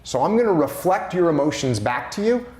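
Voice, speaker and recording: A man's voice: fairly high pitch, sing-song, a little fast, darkish tone. A man talking through ideas on leadership in a casual podcast conversation, with an emphatic manner, hammering on key phrases. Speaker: leadership speaker. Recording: roomy echo.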